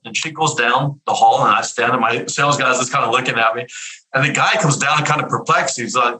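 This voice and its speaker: A man in his fifties, a podcast guest telling stories in a casual, energetic way with many restarts. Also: medium pitch, a little fast, a little hiss or hum, low-quality recording. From Houston area, US. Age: 50s. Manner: energetic, repeats words and restarts often. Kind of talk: casual storytelling interview.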